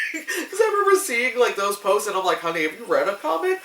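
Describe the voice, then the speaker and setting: Lively animated woman reviewing movies. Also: medium pitch, a little fast. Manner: animated, laughing often, acts out voices. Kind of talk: casual chat. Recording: echoey room, mic at a distance.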